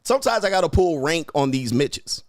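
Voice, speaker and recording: A male show host rants through casual livestream commentary, brash and profane. His voice sits a little high for a man and leaps up and down with lively inflection. He keeps a combative, defiant edge and laughs often between lines. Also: normal speed. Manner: frequent laughter.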